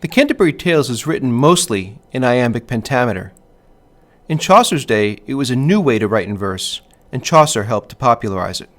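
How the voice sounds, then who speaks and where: A man narrating a scripted literature lesson in a clear, measured way, sounding out stress patterns as he goes. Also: medium pitch, very animated, a bit bright. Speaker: teacher.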